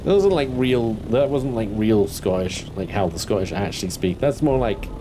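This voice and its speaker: A man's voice: fairly low pitch, lively intonation, moderate pace, background noise. A man live-streaming a game, chatting in a rambling, giggly way. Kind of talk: live gameplay commentary.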